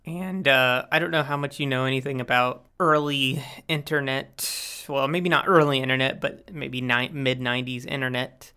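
A young man from Florida chats as a guest in a relaxed, easygoing manner, pausing with fillers. His voice is smooth and clear, bright, with a gravelly texture at the bottom. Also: medium pitch. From Central Florida. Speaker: guest game developer. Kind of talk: casual interview chat.

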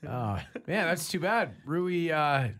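A man in his fifties hosting a radio morning show, chatty and quick to laugh. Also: a little high, very animated, heavy background noise. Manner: chatty, laughs easily, many fillers. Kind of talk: casual radio banter.

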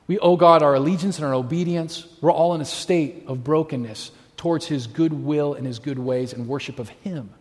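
A man's voice: on the high side, moderate pace, few pauses. A man preaching a sermon, telling stories animatedly and acting out the voices of people he quotes. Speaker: pastor. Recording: long hall reverb.

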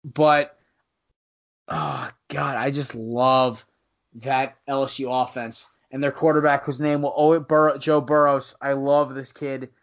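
A man co-hosts a laid-back sports podcast, rambling, teasing, and often fixing his words mid-sentence. His voice is medium-pitched and a touch slow, and the lo-fi audio sounds dull.

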